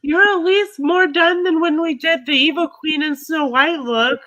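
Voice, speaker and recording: A woman's voice: sits high, a little slow, fairly bright tone. A woman from Kansas chatting casually as a guest on a live makeup stream over a video call, making dry teasing jokes. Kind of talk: casual chat.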